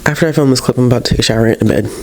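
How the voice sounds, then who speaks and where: A woman book vlogger in a casual chatty vlog, tired and low on energy, rambling and correcting herself, slangy and talking straight to her viewers. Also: fairly even intonation, rapid-fire. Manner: rambling, self-correcting, laughs often.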